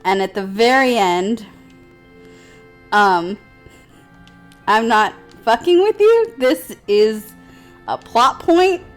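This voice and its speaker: A woman's voice: on the high side, animated, slow pace, long pauses, soft background music. A woman co-hosting a casual gaming chat, rambling through a story and laughing often. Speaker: let's play co-host.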